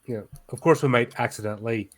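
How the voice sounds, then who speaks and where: A man's voice: mid-range voice, fairly quick. A man playing a tabletop game, chatting casually and making joking asides. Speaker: player.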